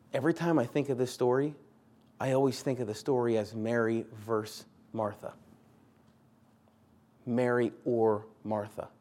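A man's voice: mid-range voice, a little mellow. A man preaching a sermon in an earnest, conversational way, repeating short phrases for emphasis. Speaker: pastor.

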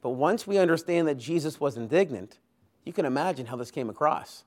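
A man's voice: fairly high pitch, expressive, a little fast, a little mellow. A man preaching a Sunday sermon, earnest and emphatic, building his points through long lists with rising force. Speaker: pastor. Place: church.

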